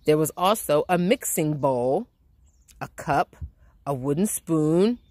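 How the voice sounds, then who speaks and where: Woman reading a kids' book out loud, low voice but really sing-songy, dry close sound. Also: no room sound. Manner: gentle, slow, expressive storytelling. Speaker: children's read-aloud host. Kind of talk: picture book read-aloud.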